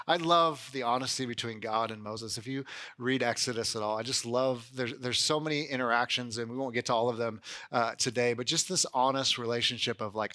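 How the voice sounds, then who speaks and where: A man preaching a sermon in a conversational way, often saying "like" and "right?" and getting animated when he voices someone's doubts. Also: on the high side, fairly quick. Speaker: pastor.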